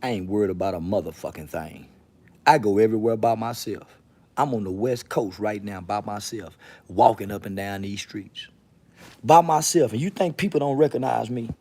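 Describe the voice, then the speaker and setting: A man's voice: fairly low pitch, moderate pace, a little mellow. A man from Texas with a Southern accent, hosting his podcast alone in a profane, swaggering, mocking rant. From Texas, USA. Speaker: podcast host. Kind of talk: solo monologue to camera.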